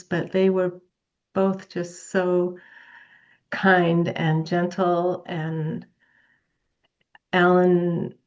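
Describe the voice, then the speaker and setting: A woman speaking softly and sincerely at a memorial over a video call. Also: lowish voice. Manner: soft, measured and sincere. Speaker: friend giving a tribute. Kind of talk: memorial remembrance. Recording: dull video call audio.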